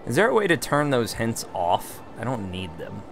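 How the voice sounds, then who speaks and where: A man's voice: medium pitch, very animated, moderate pace, creaky, music in the background. A man hosting a game livestream, reading viewer chat aloud and answering it in a wry, chatty way, one beer in and a little tipsy. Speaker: livestream gamer host.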